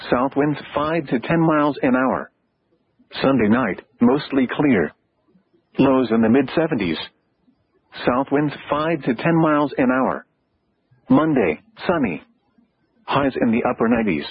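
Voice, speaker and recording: A man's voice: husky, lo-fi sound. Synthetic male weather radio voice. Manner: clipped, evenly paced readout with abrupt pitch jumps on single words. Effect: synthetic computer voice. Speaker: automated weather announcer. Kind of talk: automated weather broadcast reading.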